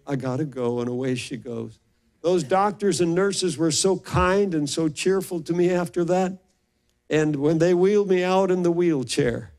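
A man's voice: on the high side, a little mellow. An older man, a pastor, telling stories in an earnest, emotional sermon and often restarting his sentences. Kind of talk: sermon storytelling.

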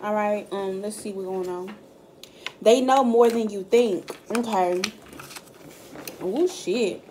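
A woman's voice: medium pitch, slow pace, long pauses, mellow, slight background noise. A woman giving a casual tarot reading straight to camera. She is blunt and profane and talks directly to her viewers. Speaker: tarot card reader. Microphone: camera mic.

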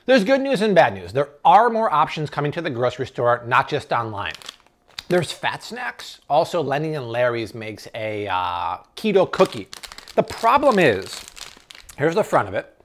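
A man's voice: fairly high pitch, sing-song, normal speed, slight background noise. A man in an enthusiastic grocery haul review, exclaiming and tasting products on camera. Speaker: food vlogger.

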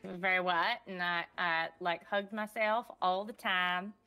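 A woman's voice: lowish voice, fairly even intonation, measured pace, sharp tone, smooth. A woman voicing a ditzy, chatty young woman in a roleplay game, wandering off mid-sentence. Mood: airy chatty. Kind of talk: in-character roleplay chat.

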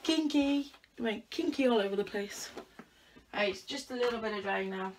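With slight background noise behind her, this young British woman talks fairly quickly in a mid-range voice. She's vlogging at home, casually thinking out loud and poking fun at herself while fixing her hair.

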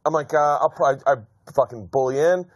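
A middle-aged man, a comedian guest, telling a rambling, excitable story with lots of swearing. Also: on the high side, quick pace, dry recording. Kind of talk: casual comedy chat.

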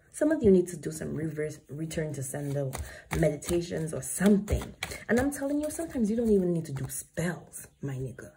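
A woman's voice: medium pitch, dark tone, husky. A woman giving an emphatic spiritual tarot reading to her viewers, preachy and casually profane. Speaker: tarot card reader.

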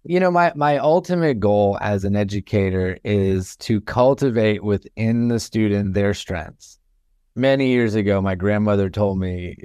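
A man with a low, resonant voice talks through his teaching in a measured, thoughtful way, often pausing on "you know" and "um". He is from Florida and sounds like a university professor. The recording is dry and close to the mic. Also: a little mellow, smooth, no echo. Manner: thoughtful, measured, many fillers. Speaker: guest, chemistry professor. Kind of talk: casual interview talk.

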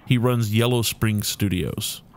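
A crass, pushy dwarf producer , voiced by a man, talks in a rough put-on New York accent from a role-playing video game. His voice sits a little low, and he pushes every line like a sales pitch. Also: unhurried, lightly acted. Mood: boastful. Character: rotund balding male dwarf film producer, pushy and crass.

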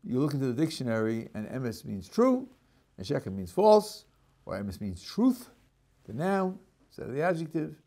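An older man, a rabbi, giving a Torah lecture and acting out the speakers in his examples, sprinkled with Hebrew religious terms. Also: moderate pace. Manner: animated, acts out a speaker's voice, rising and dropping pitch. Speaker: rabbi teaching a class.

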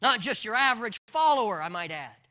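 A man's voice: high-pitched, big pitch swings, fairly quick, bright, forceful tone. A man preaching a dramatic sermon at a church service, retelling a story with intense, storytelling delivery.

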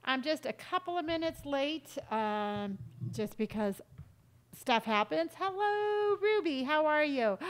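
A woman's voice: sits high, lively intonation, takes it slowly. A woman streamer chatting casually with her viewers while starting a game, greeting each one by name and yelping when startled. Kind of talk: casual live-stream chat while gaming.

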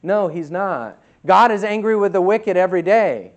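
A man preaching a sermon as pastor. He preaches emphatically, swinging from loud to quiet, and reads scripture slowly. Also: high-pitched, lively intonation.

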